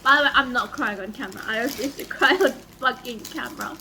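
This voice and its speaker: A young woman vlogging at home about a book she is reading, reading passages aloud and reacting with excited squeals and swearing. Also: fairly quick, noisy background. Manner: gushing and excitable, swings into high squeals and swearing. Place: home, near a microwave.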